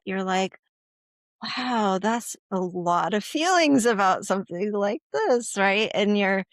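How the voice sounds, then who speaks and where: Woman guest on a podcast, conversational and chatty, plain middle pitch, close dry mic. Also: fairly bright tone, no echo. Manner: chatty, frequent "right?" and "okay?", acts out quoted lines. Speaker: guest expert on puberty education.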